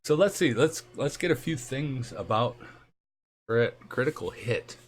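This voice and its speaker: On a live stream, a male host asks his guest questions in an easygoing, casual interview and laughs often. His mid-range voice is expressive and unhurried, with faint background noise behind it.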